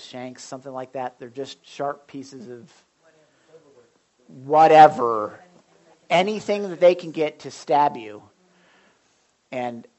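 A male pastor preaching a sermon with animated storytelling and questions to the audience. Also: mid-range voice.

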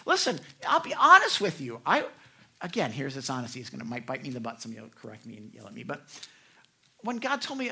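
Bright-voiced animated male pastor. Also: on the high side, fast talker, creaky, husky. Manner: animated, candid, self-deprecating, swinging loud to soft. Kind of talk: sermon preaching.

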